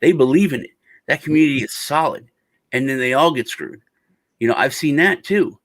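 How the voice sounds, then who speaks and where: A man hosting a casual crypto chat, animated and slangy, telling stories, calling everyone dude and man. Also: mid-range voice, brisk, dry recording. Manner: animated storyteller, acts out quotes of others; swears casually, calls people dude and man. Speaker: channel host.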